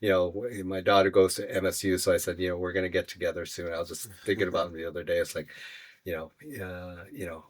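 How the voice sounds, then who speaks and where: A man, a podcast guest, telling his personal story in an earnest, halting way, often pausing on "you know". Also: low-pitched, little pitch movement.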